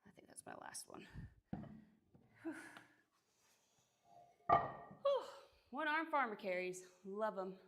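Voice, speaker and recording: A woman's voice: medium pitch, expressive, moderate pace, pauses often, heavy background noise. Breathless young woman chatting mid-workout. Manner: chatty, greets viewers by name, breathy exhales between sets. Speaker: fitness streamer. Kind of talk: casual live-stream workout chat.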